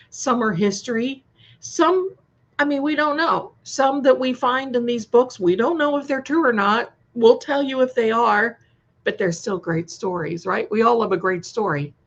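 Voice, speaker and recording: A woman chatting casually on a live stream, reacting to viewer comments with many restarts. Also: fairly high pitch. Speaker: co-host of a live stream premiere chat. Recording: slightly dull lo-fi sound.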